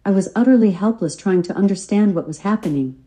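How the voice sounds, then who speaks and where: A woman's voice: medium pitch, fast talker, dark tone, poor audio. An older woman reading her own memoir aloud in an earnest, devout testimonial manner. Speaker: memoir author and narrator.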